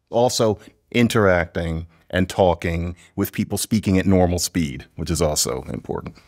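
A man speaking as a linguist guest in a conversational interview, explaining in a lively, professorial way. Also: fairly low pitch. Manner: lively, professorial, imitates accents playfully.

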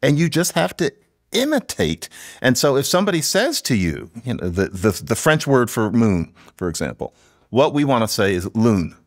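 A man speaking as a linguist guest in a conversational interview, explaining in a lively, professorial way. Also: medium pitch, normal speed. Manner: lively, professorial, imitates accents playfully.

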